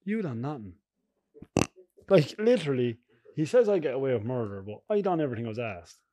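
A man's voice: mid-range voice, sing-song, a little fast, dark tone, no room sound. A middle-aged Irish man chatting as a guest on a podcast, rambling through anecdotes and chuckling often. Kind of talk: casual podcast chat.

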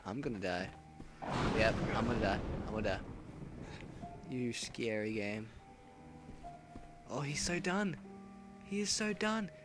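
A man's voice: fairly low pitch, unhurried, long pauses, music in the background. A man commentating a horror game playthrough, jumpy and panicky, swearing and exclaiming often. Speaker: gameplay commentator. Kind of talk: let's play commentary.

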